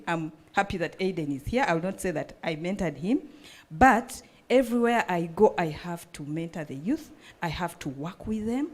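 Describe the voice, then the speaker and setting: A woman on a panel speaks with earnest passion. Her voice sits a little low and steady. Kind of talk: panel discussion.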